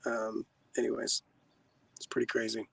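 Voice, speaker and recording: A man's voice: lowish voice, monotone, normal speed, gravelly, fairly bright tone, breathy edge, no room sound. A man in a band, talking casually and rambling reflectively with bandmates. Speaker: band member. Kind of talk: casual chat.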